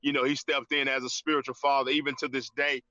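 A man, telling his story in an interview, halting, with many restarts, often saying "man". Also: medium pitch, level tone, pushed and bright, no room sound, lo-fi sound. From Georgia, US. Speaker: interview guest. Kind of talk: casual testimony in an interview.

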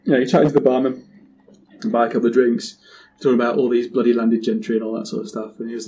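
A man's voice: mid-range voice, level tone, quick pace, mellow, a little hiss or hum. A man narrating a tabletop game as game master, loose and casual, swearing and laughing.

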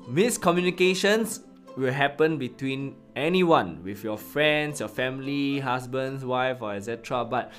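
With a somewhat high, slightly bright voice, this man hosts a podcast in Singaporean-accented English, delivering a casual storytelling monologue. He's chatty and colloquial, and his stories poke fun at himself.

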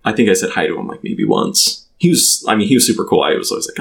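A man in his thirties tells a personal story as a guest in a relaxed conversation. His voice sits low, with a gravelly, creaky edge. He speaks haltingly, stopping and restarting often and filling the gaps with "like.". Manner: halting, full of "like" fillers and restarts. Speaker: podcast guest. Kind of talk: casual storytelling in a chat.

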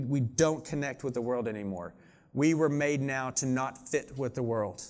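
A man's voice: mid-range voice, a little mellow. Earnest conversational male preacher. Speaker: pastor. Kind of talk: sermon.

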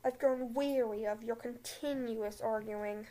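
Stern weary male professor, read by a woman, slow and solemn, still fairly high. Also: steady tone, warm tone, natural voice.

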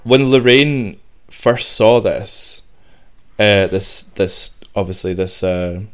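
A man hosting a podcast, telling a story in casual chat with animated, rambling restarts. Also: on the low side, slow pace, clear, resonant tone. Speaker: podcast host.

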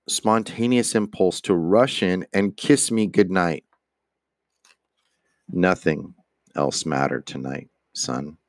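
Deep-voiced man reading slowly and earnestly. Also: dry recording, clean studio sound. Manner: earnest, remorseful, with occasional stumbles and restarts. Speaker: reader. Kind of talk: dramatic reading of a father's letter.

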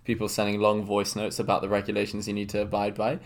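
A man's voice: fairly low pitch, completely flat delivery, fast. A young man co-hosting a casual podcast chat, chatty and self-mocking, laughing often. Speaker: podcast co-host.

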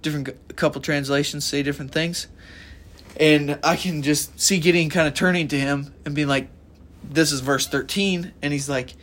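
A man's voice: on the high side, steady tone, moderate pace, fairly bright tone. A man teaching the Bible on a podcast in an informal, earnest and emphatic way, with a chatty delivery full of fillers.

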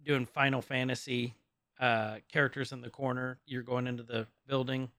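A man's voice: medium pitch, level tone, moderate pace, fairly bright tone, dry recording, studio quality. A man co-hosting a casual podcast, recapping an episode, laughing often and stumbling over names. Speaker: podcast co-host.

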